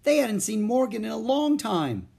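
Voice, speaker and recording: With a husky, mid-range voice touched by vocal fry, an audiobook narrator reads a children's book at ordinary speed. The telling is lively and expressive, like classic storytelling.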